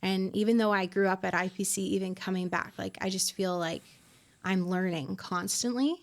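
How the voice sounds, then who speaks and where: A woman in her twenties, a worship pastor being interviewed on a podcast, talking in a reflective, soft-spoken way with many fillers. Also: mid-range voice, fairly even intonation, normal speed. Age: 20s.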